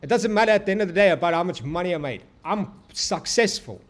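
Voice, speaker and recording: A man's voice: sits high, expressive, fast. A young man hosting a live trading stream, hyping up his chat and turning to a profane, heartfelt motivational talk. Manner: hyped, profane, motivational, addresses chat as bro. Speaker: trading livestream host.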